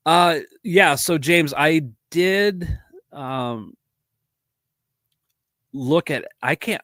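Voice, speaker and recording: A man's voice: mid-range voice, fairly bright tone, dry recording, studio quality. A man hosting a casual live podcast, rambling with lots of fillers and frequent chuckles. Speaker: podcast host and drummer.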